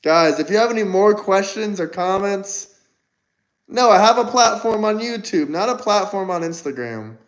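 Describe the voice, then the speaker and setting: High-voiced, combative male livestreamer. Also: lively intonation, moderate pace, low-quality recording. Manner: combative, mocking replies to chat. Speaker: livestream host. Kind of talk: casual livestream chat.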